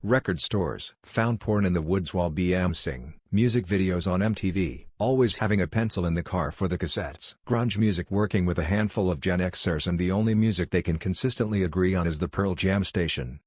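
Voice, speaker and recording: A man narrating forum posts in a steady, even scripted read. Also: low voice, brisk, few pauses, slightly rough, dry recording, clean studio sound.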